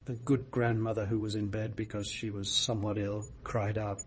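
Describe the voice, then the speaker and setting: Man with a steady storybook narration. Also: on the low side, moderate pace.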